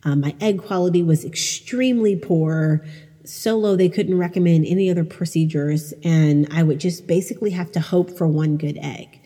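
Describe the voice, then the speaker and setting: A woman's voice: on the low side, normal speed, mellow, husky, long reverb tail. A middle-aged woman hosting a podcast, telling personal stories in a candid, conversational, self-deprecating way. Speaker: podcast host. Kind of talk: personal storytelling monologue.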